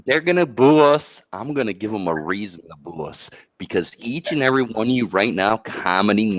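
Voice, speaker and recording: A man's voice: fairly low pitch, dry recording. A man co-hosting a show, delivering brash, profane, boastful trash talk like a wrestling promo. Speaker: co-host.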